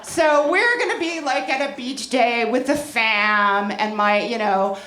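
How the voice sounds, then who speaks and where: A woman's voice: fairly high pitch, unhurried, background noise. A woman in her forties doing a brash, profane, self-deprecating stand-up set in a comedy club. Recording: roomy club with audience laughter. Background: audience laughter.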